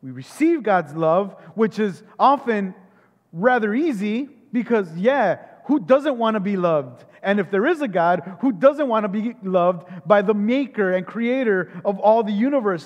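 A man's voice: high voice, expressive, measured pace, lo-fi sound. A man preaching a sermon as pastor. He talks emphatically, asks rhetorical questions and often repeats himself or restarts. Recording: long hall reverb.

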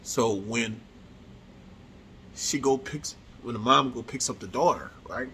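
A man's voice: medium pitch, measured pace, pushed and bright, a little hiss or hum. A man, casually telling a heartfelt story to his viewers, earnest and repeating himself as he goes. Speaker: vlogger.

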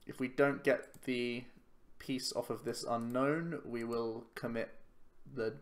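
A man's voice: medium pitch, steady tone, slow pace. A man giving casual commentary while playing a card game, thinking aloud in a chatty, self-mocking way. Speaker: YouTube card game player.

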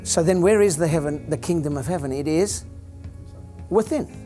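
A man's voice: fairly high pitch, normal speed, dark tone, soft background music. An older man, a chiropractor, giving an informal talk to an audience in a rambling, joking, preacher-like way.

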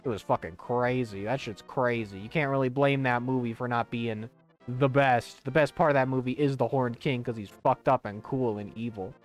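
Speaking at a moderate pace, this young man has a medium-pitched, steady voice. He offers rambling gaming commentary while streaming, heavy on profanity, fillers and false starts, over faint game music.

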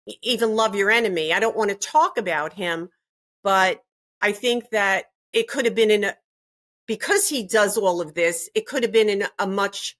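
A woman's voice: mid-range voice, a bit bright. Brief: older woman, grandmother, interview guest; firm, emphatic, indignant delivery, mid-range voice. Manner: emphatic, indignant, repeats herself.

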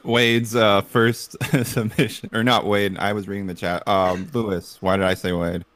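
A man's voice: on the low side, moderate pace. A man hosting a podcast in casual chat, joking and laughing as he tells stories. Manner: joking, laughs often, lively storyteller. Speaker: podcast host.

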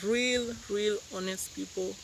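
A man's voice: high-pitched, fairly even intonation, measured pace, gravelly, a bit bright. A young man from Kenya, speaking earnestly and gratefully as the interviewee in a casual outdoor chat. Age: young adult. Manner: earnest, grateful, repeats key phrases. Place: outdoors in a rural village. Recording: noisy outdoor recording.

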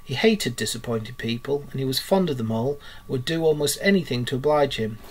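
A man reading a children's book aloud in a steady, expressive storytelling manner. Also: mid-range voice, fairly quick, husky. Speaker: reader.

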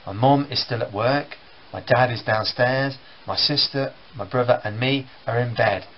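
A man's voice: medium pitch, moderate pace, recorded from a distance, highs cut off, a little hiss or hum. A man, telling family stories to a live audience in a chatty, joking way. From Coventry, England. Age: 40s. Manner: chatty and joking, lively delivery. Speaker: storyteller.

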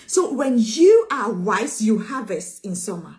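A woman's voice: medium pitch, sing-song, a little slow, hardly any pauses, a little mellow. A woman preacher, preaching an emphatic sermon, repeating phrases and calling listeners sweetheart.

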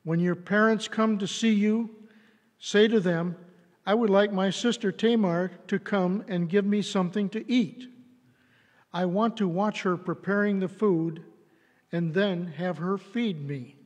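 A man reading aloud as a sly young adviser who coaxes a prince. His voice sits high and is spoken plainly. Long reverb fills the recording. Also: measured pace. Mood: coaxing.

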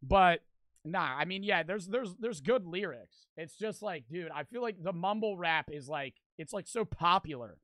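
A young man live-streaming a reaction video, chatting loosely, swearing and sometimes shouting, his voice a bit strained. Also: sits high, animated, normal speed, no echo. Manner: loose, swears a lot, bursts into loud shouts. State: strained voice from screaming. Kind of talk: casual live-stream chat.

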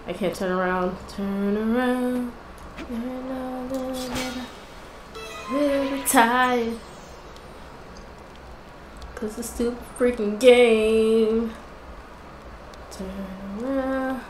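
A woman's voice: on the high side, steady tone, drawn-out words, long pauses, roomy sound, faint music behind, rough recording. A woman hosting a gaming channel, chatting casually and exclaiming in frustration as she plays. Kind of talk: casual gameplay commentary.

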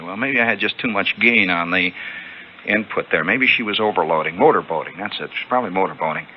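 A man spinning an animated, chuckling radio monologue and acting out the scene, heard through a lo-fi old radio broadcast. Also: low-pitched, fast, slight background noise. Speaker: radio storyteller.

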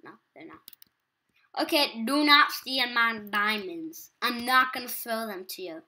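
A woman's voice: fairly high pitch, lively intonation, slow pace, bright, forceful tone. A teenage girl with an English accent chatting casually while playing a video game, self-deprecating and talkative. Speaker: gaming YouTuber. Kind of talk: casual gameplay commentary.

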